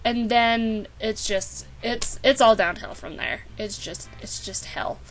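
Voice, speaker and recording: A woman's voice: a little high, takes it slowly, slight background noise, poor audio. A woman vlogger giving a casual, sarcastic book summary with playful asides, now and then acting out the characters.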